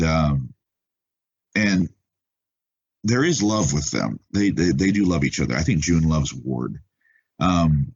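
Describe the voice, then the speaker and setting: Very deep, husky-voiced man, halting. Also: a little mellow, lo-fi sound. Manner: halting, emotional, many restarts. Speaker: author being interviewed. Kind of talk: conversational interview.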